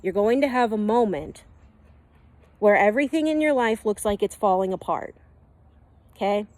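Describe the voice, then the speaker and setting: A woman's voice: medium pitch, lively intonation, normal speed, darkish tone, no echo. A woman who gives spiritual readings, teaching in a casual and emphatic way and checking in often with "okay?" and "right?". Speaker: spiritual reader.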